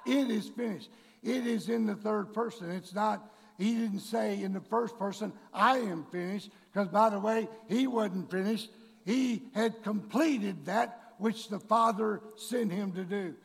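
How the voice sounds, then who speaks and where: A man preaching a sermon to his congregation, bursting into shouted, drawn-out emphasis and calling them folks and church. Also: high-pitched, vocal fry, husky. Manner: addresses the congregation directly. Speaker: pastor. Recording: long reverb of a large hall.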